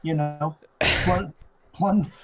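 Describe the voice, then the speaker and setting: A man co-hosting a movie podcast, mostly chiming in with short agreements and quick additions. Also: a little high, fairly even intonation. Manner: short agreeing interjections and add-ons. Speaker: podcast co-host. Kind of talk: casual movie chat.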